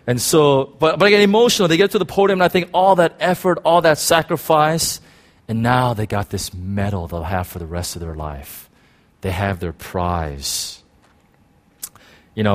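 A man in middle age, preaching a sermon to his congregation. He bursts into shouting, then drops to a hushed, intimate tone, stumbling over restarts and "you know" as he goes. His voice sits at an ordinary middle pitch for a man. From United States. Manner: swings between shouting and soft, hushed talk. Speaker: pastor.

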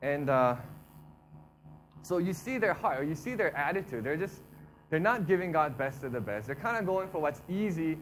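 A man giving a casual, conversational sermon, talking through the text in a relaxed way and often repeating himself. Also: on the high side, moderate pace, poor audio. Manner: relaxed, repeats himself, acts out complaining voices. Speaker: preacher.

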